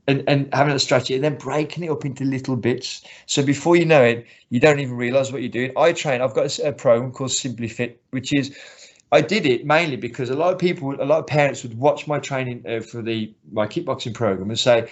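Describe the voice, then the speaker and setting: In this slightly muffled, lo-fi clip, a man who teaches martial arts talks fast and earnestly during a casual interview. His pitch sits in the middle, and he often starts his sentences over.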